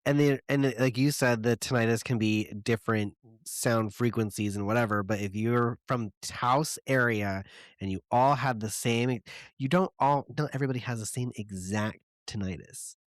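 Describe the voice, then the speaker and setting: A man's voice: medium pitch, moderate pace, no room sound. A man co-hosting a podcast in casual chat, reacting in a laid-back way and laughing often. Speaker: podcast co-host.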